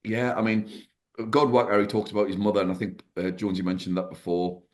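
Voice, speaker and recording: A man's voice: fairly low pitch, little pitch movement. A man co-hosting a casual music podcast, speaking hesitantly with lots of fillers and restarts. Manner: hesitant, halting with many fillers. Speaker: podcast co-host. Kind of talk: casual music review chat.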